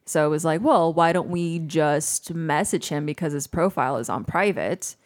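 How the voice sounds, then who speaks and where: A woman in her thirties co-hosting a casual chat, telling an animated story with frequent laughter. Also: low-pitched, normal speed.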